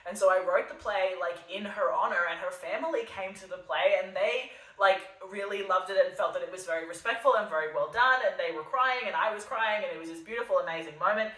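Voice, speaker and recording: A woman's voice: mid-range voice, fast talker, hardly any pauses, fairly bright tone, far from the mic. A young woman hosting a solo monologue podcast, talking in a sardonic, darkly self-mocking way. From Australia. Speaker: podcast host. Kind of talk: solo monologue podcast addressed to an absent listener. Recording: roomy sound from off the mic.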